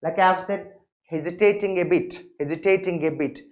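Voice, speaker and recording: Indian lady english teacher, lowish voice, keeps repeating stuff and asking correct?. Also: brisk. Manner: repetitive, often asks "correct?" and "my dear friends". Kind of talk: vocabulary and grammar lesson.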